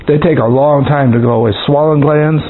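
A man's voice: a little high, steady tone. Man preaching over tinny phone-like audio. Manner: conversational, repeats words, reads verses slowly. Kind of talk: informal sermon with scripture reading. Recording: tinny phone-like sound with faint hiss.

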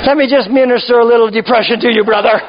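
A man's voice: very high voice, fairly even intonation, quick pace, a little hiss or hum. A man preaching a sermon in a teasing, emphatic call-and-response style, often asking the congregation "huh?". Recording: dull lo-fi church recording.

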